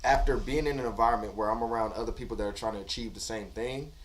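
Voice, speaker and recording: A man's voice: medium pitch, fairly even intonation, quick pace, far from the mic. A man speaks earnestly as a guest producer in a recording studio, explaining his working methods in long stretches. He sits a little back from the mic. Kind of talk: casual chat.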